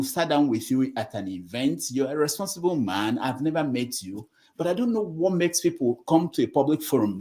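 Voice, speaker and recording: A middle-aged man hosts an online discussion in casual moderating talk, lecturing and scolding listeners and repeating himself. His voice is on the high side and a little mellow.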